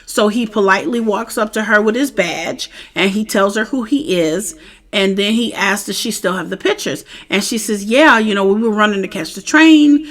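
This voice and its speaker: A woman's voice: medium pitch, normal speed, fairly bright tone. A woman giving a casual, chatty recap of a TV episode, often asking "you know what I'm saying?". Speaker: TV show reviewer.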